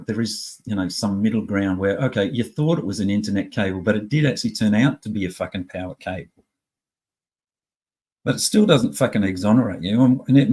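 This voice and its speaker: Angry aussie guy going off, rough husky voice, kinda low. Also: darkish tone. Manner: profane, heated, rambling. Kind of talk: angry ranting monologue.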